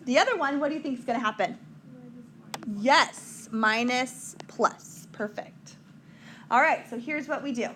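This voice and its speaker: A woman's voice: high voice, measured pace, pushed and bright, a little hiss or hum. A woman teaching a math lesson at a whiteboard in a chatty, joking way, talking to her students.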